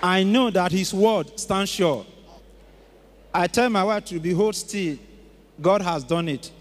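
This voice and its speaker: A man testifies before a congregation in slow, short phrases. His fairly high voice echoes through a large auditorium. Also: a faint crowd, slight background noise. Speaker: church testifier.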